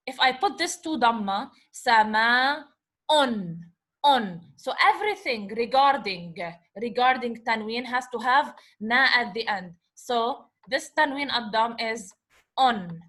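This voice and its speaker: A woman's voice: fairly high pitch, sharp tone. A woman teacher giving a patient lecture, often checking in with "okay?". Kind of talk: classroom lecture.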